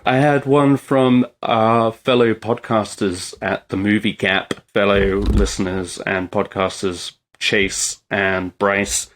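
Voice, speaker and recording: Casual man hosting a solo podcast. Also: fairly low pitch. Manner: casual, candid, swears freely, restarts and fillers. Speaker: podcast host. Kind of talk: solo podcast movie talk.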